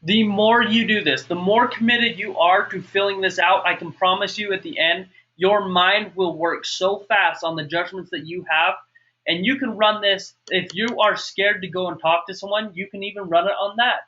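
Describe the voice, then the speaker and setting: A man's voice: high-pitched, fairly even intonation, moderate pace, pushed and bright. A man coaching a webinar group on fitness and mindset, upbeat, often checking for questions. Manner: upbeat, repeats okay and asks for questions. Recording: muffled lo-fi webinar audio.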